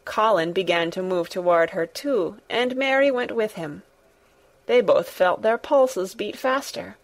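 A woman narrating a classic storybook in a measured, gentle way. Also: mid-range voice, animated. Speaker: audiobook narrator. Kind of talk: scripted narration.

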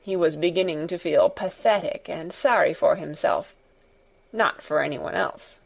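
A woman narrating a children's classic as an audiobook, in a measured, expressive storytelling manner. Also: deep voice, creaky. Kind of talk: scripted narration.

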